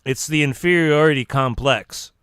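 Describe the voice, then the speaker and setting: Streamer type, man, clean smooth voice, dry close desk mic, joking mock-expert rambling with stops and restarts. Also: medium pitch, fairly bright tone, no room sound. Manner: joking mock-serious lecturing, halting restarts. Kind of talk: casual live stream rambling.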